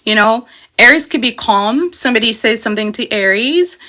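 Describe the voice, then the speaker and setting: A woman hosts a casual astrology talk in a bright, forceful, slightly high voice. She talks in a chatty, emphatic way, checking in often with "okay?" and "you know". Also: animated, normal speed. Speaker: astrology host. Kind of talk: casual explanatory livestream talk.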